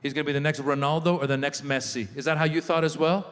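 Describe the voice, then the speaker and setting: A middle-aged man performing a stand-up comedy set, telling animated stories and shouting in character voices. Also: a little high, fast talker. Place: large live venue. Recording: live hall with long reverb.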